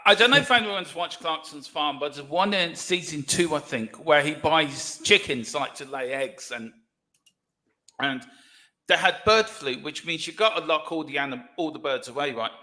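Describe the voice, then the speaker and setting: Lively jokey man hosting a sports chat. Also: on the high side, normal speed. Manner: jokey, energetic. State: sore throat. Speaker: livestream co-host.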